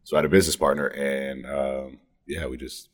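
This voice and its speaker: Man, extremely deep radio voice, relaxed polite interview guest. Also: brisk. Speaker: business owner guest. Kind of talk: casual interview.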